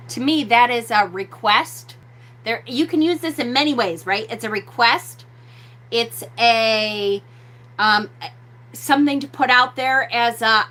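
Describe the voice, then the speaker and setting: Slow, bright-voiced woman host. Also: a little high. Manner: slow, drawn-out, repeats key words. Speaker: host of a witchcraft channel. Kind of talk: live-stream teaching, answering chat.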